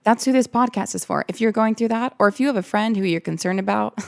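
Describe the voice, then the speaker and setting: A woman's voice: mid-range voice, quick pace, vocal fry, a little mellow, no room sound, clean studio sound. A young woman hosting a podcast, telling her own story in an earnest, candid way and repeating phrases for emphasis. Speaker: podcast host.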